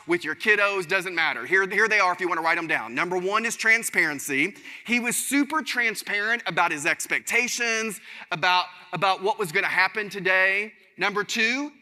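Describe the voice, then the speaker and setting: A man giving an energetic keynote speech on a conference stage, talking straight to his audience. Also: high voice. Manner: animated, addresses audience directly as y'all. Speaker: keynote speaker. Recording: large hall reverb.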